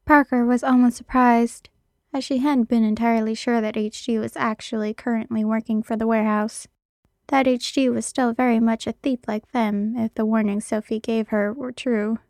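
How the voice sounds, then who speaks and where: A woman narrating a piece of fan fiction with steady storytelling. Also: a little high, moderate pace, no room sound, clean studio sound. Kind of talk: reading fan fiction aloud.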